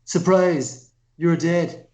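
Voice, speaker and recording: A man trades takes on a casual film podcast. His voice sits fairly high. He swears freely and acts out his own reactions to each scene. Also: drawn-out words, warm tone. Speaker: podcast co-host. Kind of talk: casual film review chat.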